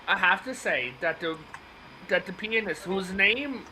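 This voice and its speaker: A man hosting a casual movie podcast, telling the story in a rambling, animated way. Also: high-pitched, measured pace, a little hiss or hum, low-quality recording. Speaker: podcast host.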